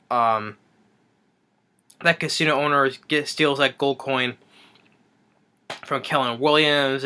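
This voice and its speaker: Bright, crisp-voiced man ranting. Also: medium pitch. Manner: rambling, sarcastic plot recap. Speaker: movie reviewer. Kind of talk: rambling movie review rant.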